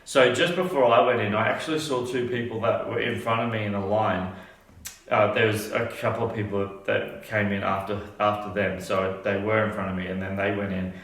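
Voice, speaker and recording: A man's voice: fairly low pitch, steady tone, fairly quick, a bit bright. A man telling a casual story, rambling with many restarts. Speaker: vlogger. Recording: echoey room.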